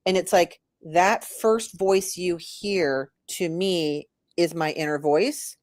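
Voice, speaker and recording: A woman guest who does readings talks casually, rambling and restarting her sentences. Her voice sits low for a woman. The sound is dry and close. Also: takes it slowly, a little mellow, no echo. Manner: rambling, restarts, laughs easily. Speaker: guest, intuitive reader. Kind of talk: casual interview chat.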